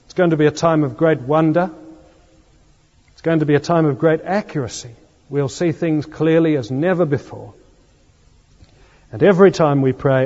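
A man preaching a sermon as pastor, earnest, with emphatic pauses. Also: a little high, darkish tone. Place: church. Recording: long church reverb, dull lo-fi sound.

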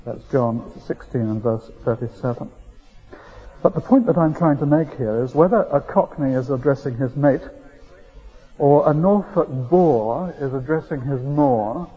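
On a dull, lo-fi recording, a middle-aged preacher takes his time, his husky voice sitting at medium pitch. He delivers the sermon as a conversational story, his emphasis steadily rising.

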